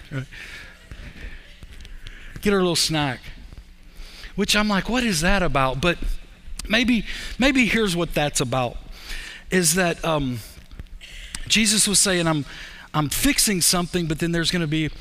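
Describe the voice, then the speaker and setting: A man preaching a sermon, telling a story in a conversational way that swings between quick bursts and slow, drawn-out emphasis. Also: a little high, bright, forceful tone. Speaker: pastor.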